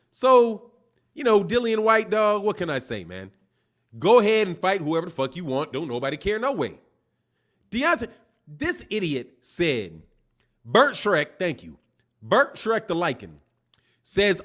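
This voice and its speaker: A man's voice: sits high, sing-song, measured pace, long pauses, fairly bright tone. A man hosting a boxing channel livestream, ranting casually in slangy, profane, mocking talk and laughing often.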